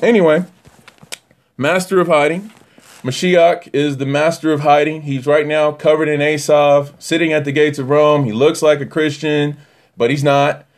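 A man giving a casual, animated Torah teaching that swings from near-yelling to quiet asides. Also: moderate pace. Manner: animated, rising to near-yelling then dropping low.

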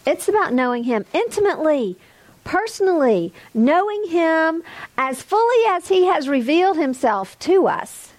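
A middle-aged woman teaching a Bible study class, with emphatic, lively stresses. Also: very high voice, normal speed, no echo.

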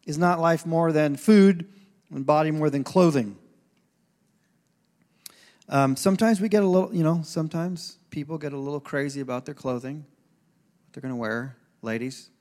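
Male pastor, high voice, casual sermon with humor, big church reverb. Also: moderate pace, long pauses, darkish tone. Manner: casual, joking, acts out quoted voices. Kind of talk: conversational sermon. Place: church sanctuary. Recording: long hall reverb.

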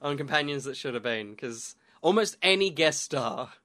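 Young guy podcasting, bright sharp voice, a bit high, gushing and swearing casually. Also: lively intonation. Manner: enthusiastic, swearing, quick to laugh. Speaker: podcast co-host. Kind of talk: casual chat.

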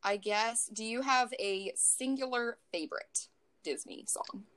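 A woman's voice: a little high, unhurried, fairly bright tone, clear, resonant tone. A woman co-hosting a casual chat, playful and teasing, laughing often. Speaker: podcast co-host.

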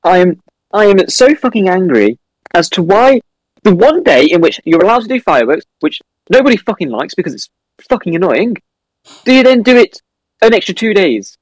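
A young man holds forth on a casual chat podcast, ranting with frequent swearing. His voice sits a little high and swings widely in pitch. The sound is dry and close, with no room around it. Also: normal speed, no room sound, poor audio. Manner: animated ranting, heavy swearing. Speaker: podcast co-host. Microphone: home computer mic over a voice call.

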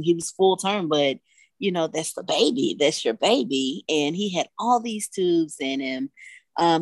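A woman's voice: deep voice, dry recording. A woman telling a personal story in a candid, emotional way. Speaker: mother telling her story.

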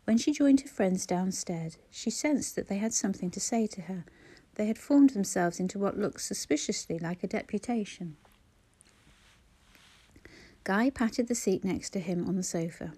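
A woman reading a novel aloud in a measured, even storytelling voice. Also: mid-range voice, husky. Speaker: audiobook narrator. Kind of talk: scripted narration.

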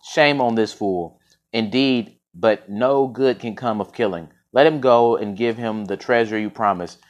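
A man voicing a wise and gentle male golden deer from a storybook, speaking calmly and with measured patience. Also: on the low side, close to an everyday voice.

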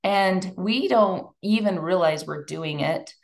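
A woman's voice: on the low side, takes it slowly, vocal fry. A woman giving a chatty, emotional talk to a live audience. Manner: chatty and emotional, lively asides. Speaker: speaker at a women's event.

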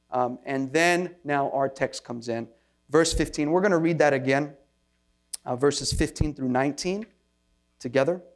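Male pastor, conversational sermon delivery, self-deprecating and loose, often restarts his sentences. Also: a little high. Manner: informal, self-deprecating asides with frequent restarts.

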